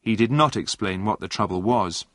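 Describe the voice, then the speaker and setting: A man reading a storybook aloud in clear, scripted narration. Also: lowish voice, moderate pace, fairly bright tone, dry recording. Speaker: audiobook narrator.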